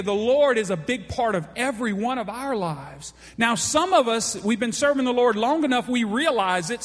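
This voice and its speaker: A man's voice: very high voice, a bit bright. A pastor giving a folksy sermon, joking with his congregation by name. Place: church hall. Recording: long hall reverb.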